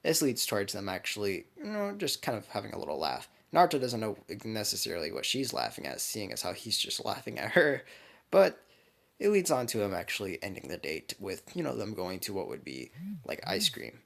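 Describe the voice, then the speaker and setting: Gravelly young man telling a rambling story. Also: fairly low pitch, huge pitch swings, brisk, fairly bright tone. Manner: rambling, with many fillers and profanity. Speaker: YouTube storyteller. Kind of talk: casual fan-fiction storytelling.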